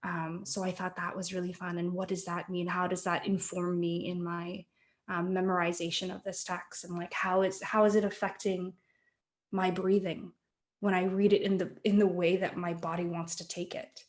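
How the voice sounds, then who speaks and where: A young adult woman, a guest actor, chatting in a webinar about her process, thoughtful and halting with many fillers and restarts, heard over a video call. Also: on the low side, flat delivery. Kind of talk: casual webinar chat.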